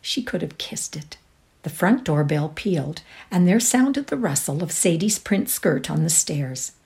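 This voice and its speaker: Woman narrating a story, low and expressive. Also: measured pace, vocal fry. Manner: expressive, sinks to a whisper in quiet passages. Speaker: reader. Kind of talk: dramatic reading of a short story.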